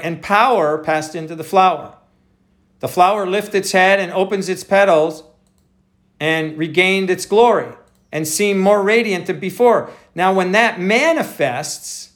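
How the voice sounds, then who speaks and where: A man's voice: a little high, fairly bright tone. Man preaching a conversational sermon. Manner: conversational preaching, addresses listeners as folks. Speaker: pastor.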